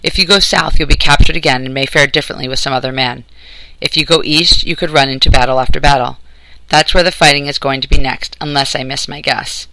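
Man reading a weary, kindly officer who was once a schoolmaster, measured and bright-toned. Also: medium pitch, steady tone, rough recording. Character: sad-faced balding Confederate officer, kindly former schoolmaster.

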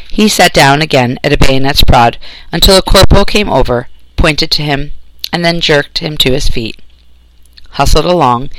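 Male narrator, slightly high, bright dry read, steady storytelling. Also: no echo, low-quality recording. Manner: steady storytelling, voicing characters in dialogue. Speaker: audiobook narrator. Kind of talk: scripted narration.

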